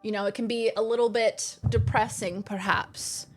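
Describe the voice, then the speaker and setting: Playful, higher-voiced woman streamer. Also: fairly even intonation, normal speed, slightly rough. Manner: playful, jokey, chatting to viewers. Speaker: game streamer. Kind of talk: casual live-stream chat.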